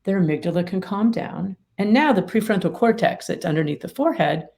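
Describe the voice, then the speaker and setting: Speaking a little fast with lively intonation, this middle-aged attorney mediator and author has a medium-pitched, darkish voice. During an interview conversation, she drives home her ideas with vivid everyday examples.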